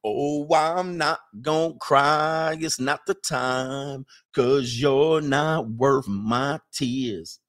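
A man voicing a bitter woman who drags out her complaint about years of sacrifice in a slow lament. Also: medium pitch, fairly bright tone, voice pushed down. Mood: aggrieved.

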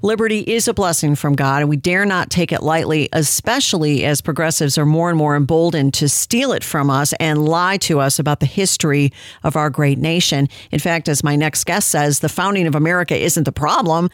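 A woman's voice: sits low, brisk, dry recording. A woman hosting a talk radio show, giving sarcastic, combative commentary from a studio. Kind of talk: opinionated commentary.

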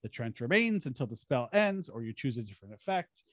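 A man's voice: mid-range voice, big pitch swings, a little fast, no room sound, studio quality. A man hosting a podcast, animatedly telling a tabletop game story in a casual, chatty way. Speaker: podcast host.

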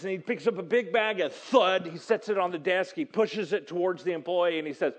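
A man preaching a sermon, telling a story with lively, animated delivery and acting out excited characters. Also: sits high, a little fast, hardly any pauses. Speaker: pastor.

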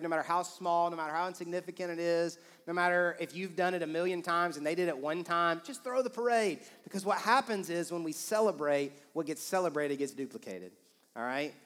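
Male pastor, casual animated sermon, slightly high voice, big hall reverb. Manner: casual, animated, acts out quoted lines. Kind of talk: sermon with couple's banter. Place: church auditorium. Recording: long reverb of a church hall.

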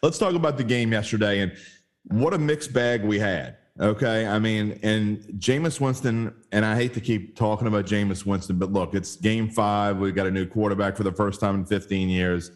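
A man's voice: on the low side, moderate pace. A man hosting a sports podcast, chatting casually and rambling a little as he talks through the game. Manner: conversational, rambling with restarts. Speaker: podcast host.

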